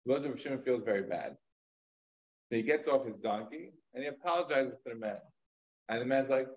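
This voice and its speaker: A man's voice: mid-range voice, fairly quick, long pauses, muffled recording. A man teaching a Talmud lecture, retelling a story in a conversational way with casual fillers and asides. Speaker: rabbi teaching.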